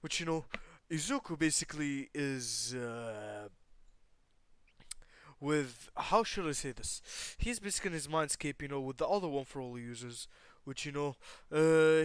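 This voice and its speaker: A man's voice: a little high, normal speed, clean tone, no room sound. A man improvising a story in a loose, rambling way, full of fillers and restarts, talking to his viewers.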